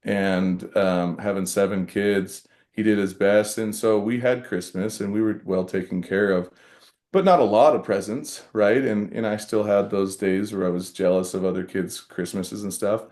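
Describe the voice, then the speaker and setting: A man's voice: lowish voice, steady tone, normal speed, a little mellow. A man co-hosting a podcast, speaking in an earnest, reflective way and sounding grateful. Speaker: podcast co-host. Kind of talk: casual conversation.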